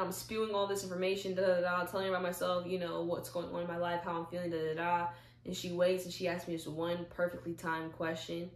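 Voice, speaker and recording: A young woman vlogging from a chair at home, telling a story with lots of animated acted-out dialogue. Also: on the low side, echoey room. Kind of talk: casual talk to camera.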